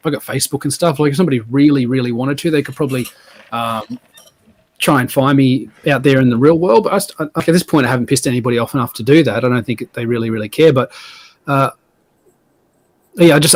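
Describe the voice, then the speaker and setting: An Australian man talks quickly and easily in a casual podcast chat. He rambles from point to point in a laid-back, friendly manner, at a mid pitch. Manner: rambling, easygoing storyteller. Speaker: podcast guest.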